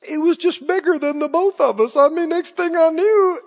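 A man voicing a remorseful churchgoer who whines excuses in a high, pleading voice. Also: moderate pace. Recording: dull echoey church recording.

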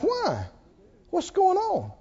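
A man preaching a sermon as pastor of a church, animated, calling out hallelujahs. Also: very high-pitched, extremely slow. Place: church sanctuary. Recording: dull sound, long hall reverb.

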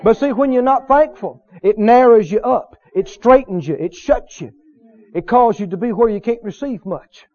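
High-pitched fervent preacher. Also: male voice, lively intonation, moderate pace, muffled recording. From Mississippi. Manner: fervent, repetitive, rising to shouts of praise. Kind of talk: sermon.

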